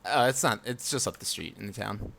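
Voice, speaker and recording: A man narrating as game master of a tabletop game, halting with many fillers. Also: lowish voice, expressive, gravelly, sharp tone.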